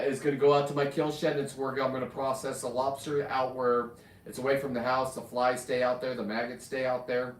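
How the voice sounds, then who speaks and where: Laid-back guy rambling on a live stream, echoey room, mic set back a bit. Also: medium pitch. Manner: casual, chatty, rambling, with restarts and cussing asides. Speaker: livestream host, spearfisher and taxidermist. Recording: roomy room, mic at a distance.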